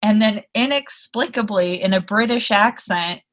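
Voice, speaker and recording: A woman's voice: mid-range voice, normal speed, a bit bright. A young adult woman co-hosting a comedy podcast, reviewing a movie in casual, profane chat and laughing often. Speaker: podcast co-host.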